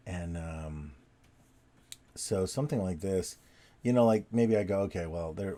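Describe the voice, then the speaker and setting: A man's voice: low-pitched, warm tone. A man talking casually as he draws, rambling and self-correcting as he goes. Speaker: artist drawing on video. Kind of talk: casual talk while drawing.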